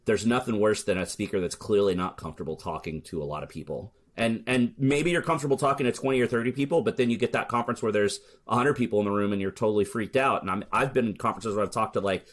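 An American search marketer with a lowish voice talks fast as a guest on a casual podcast. He tells stories candidly, swears, and jokes, leaning into sarcastic asides.

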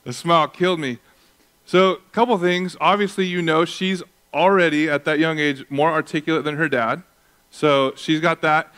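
A man in his thirties preaching a sermon as pastor, telling stories with lively acted-out voices. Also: a little high, moderate pace, clean tone. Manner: animated storytelling, acting out voices.

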